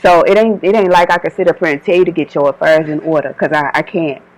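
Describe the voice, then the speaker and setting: A woman's voice: low-pitched, steady tone, fast, darkish tone, rough recording. A woman delivering an informal channeled spiritual message, emphatic and repetitive, switching between her own words and quoted divine warnings.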